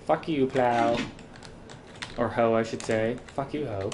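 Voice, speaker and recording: A tipsy gamer giving casual commentary while playing, excitable and profane, breaking into loud exclamations and silly sound effects. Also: medium pitch, unhurried, noisy background. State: tipsy from drinking. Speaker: let's play gamer.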